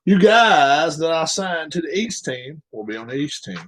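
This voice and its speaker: A man's voice: a little high, sing-song, moderate pace, a bit bright, poor audio. A man hosting a live stream, chatting casually with his viewers in a rambling way while setting up a game.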